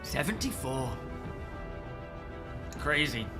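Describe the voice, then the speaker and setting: Thirties man, mid-pitched, easygoing chat-reading streamer, faint music behind. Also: sing-song, slow. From England. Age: 30s. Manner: chatty, greets viewers by name, friendly banter. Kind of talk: casual live-stream chat.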